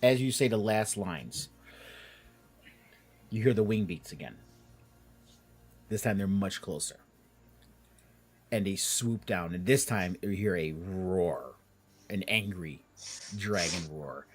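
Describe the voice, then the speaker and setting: A low-voiced man with a husky tone narrates as game master. He talks in a halting, searching way, often stopping and restarting. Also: lively intonation. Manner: halting, with many fillers and restarts.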